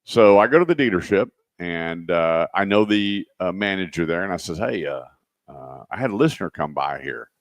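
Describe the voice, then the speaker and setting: A man with a low, deep voice hosts a car radio show, chatting loosely and telling folksy stories in which he acts out the voices of the people involved. The studio sound is dry and close, with no room echo. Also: expressive, normal speed. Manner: folksy storyteller acting out quoted voices. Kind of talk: casual radio talk.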